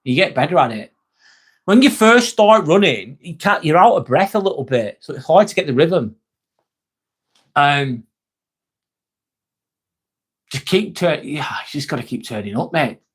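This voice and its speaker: High-voiced man chatting on a livestream. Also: very animated, unhurried, pauses often, husky. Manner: chatty, jokey, swears, talks straight to viewers. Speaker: livestream host reading chat. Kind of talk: casual live-stream chat.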